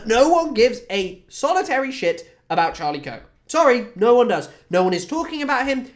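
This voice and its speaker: A woman's voice: on the high side, very animated, moderate pace. A woman from the UK chatting casually on a livestream, rambling, swearing and often restarting her sentences. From United Kingdom. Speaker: streamer.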